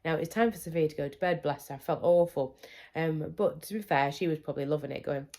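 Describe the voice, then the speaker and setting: A woman's voice: low-pitched, quick pace, darkish tone. A woman in her thirties chatting candidly to camera about her children's sleep, often acting out what they said. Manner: chatty, candid, acts out her kids' voices. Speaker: parenting vlogger. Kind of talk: casual chat to camera.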